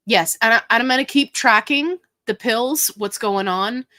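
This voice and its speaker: A woman's voice: fairly high pitch, normal speed, bright, forceful tone, dry recording. Chatty woman hosting a livestream. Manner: chatty, laughs often, talks straight to viewers. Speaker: host of a livestream. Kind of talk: casual live chat answering viewer questions.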